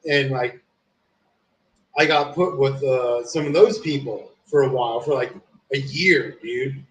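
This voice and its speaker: A man's voice: mid-range voice, measured pace. Profane rambling man in an echoey room. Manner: rambling, profane storytelling with many fillers. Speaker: streamer. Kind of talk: casual chat. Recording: echoey room with faint ambient noise.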